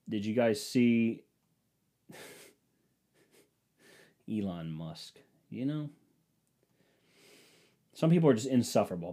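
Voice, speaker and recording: A young man hosting his own podcast, ranting in a worked-up way that swings from loud outbursts to low mutters. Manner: worked-up ranting, swinging between shouting and mumbling. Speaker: podcast host. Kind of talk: solo podcast rant.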